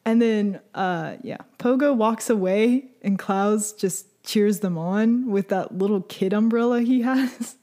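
A young woman co-hosting a casual chat, recapping a series with lively storytelling and acted-out quotes. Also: mid-range voice, measured pace, few pauses. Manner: animated storytelling with laughs and quoted voices. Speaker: podcast co-host recapping a series.

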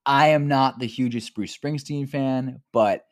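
A man's voice: medium pitch, measured pace. A man from New Jersey, a podcast guest in casual chat, laid-back and joking and often trailing off.

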